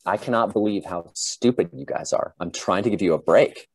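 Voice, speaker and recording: A man's voice: lowish voice, normal speed, vocal fry, husky, no room sound. A man quoting a mocking, exasperated drill instructor who swears at his trainees. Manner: sarcastic, swearing.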